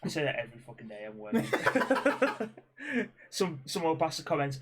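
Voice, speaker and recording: A young man chats on a podcast, sweary and laughing as he tells stories. His voice sits a little high and swings lively in pitch as he plays out the lines of the people in them. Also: moderate pace, background noise. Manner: swearing storyteller, acts out quotes with laughs. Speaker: podcast co-host. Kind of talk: casual chat.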